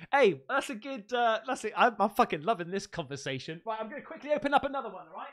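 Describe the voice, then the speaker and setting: An excitable man chatting casually while he opens fan mail on stream. His pitch leaps up and down, he swears freely and he laughs a lot. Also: brisk. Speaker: streamer host.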